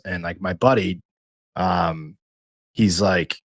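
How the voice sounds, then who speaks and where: Husky casual interview host. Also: male voice, low voice, fairly even intonation, measured pace, pauses often, dry recording, studio quality. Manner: chatty storyteller, casual swearing.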